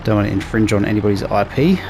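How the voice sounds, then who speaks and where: A man hosting a casual let's play, relaxed and talking through each task as he plays. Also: fairly low pitch, fast, noisy background. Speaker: gaming channel host.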